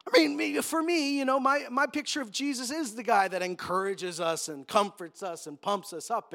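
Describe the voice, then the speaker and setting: A man preaching a sermon in an animated way, acting out the quotes with joking asides. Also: sits high, fast talker, hardly any pauses. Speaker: pastor.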